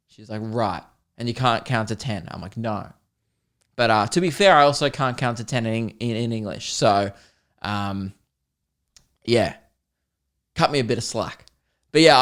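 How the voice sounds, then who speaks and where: A man's voice: medium pitch, clean tone. An Australian man hosting a podcast, talking alone in a rambling, self-deprecating, joking way. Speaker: podcast host. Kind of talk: casual solo podcast monologue.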